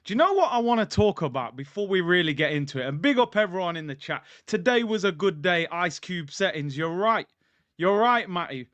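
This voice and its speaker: Hyped man, high voice. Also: big pitch swings, fairly quick, fairly bright tone, no echo, highs cut off. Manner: hyped, slangy, jokey. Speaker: football channel host. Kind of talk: casual livestream chat. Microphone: streaming mic.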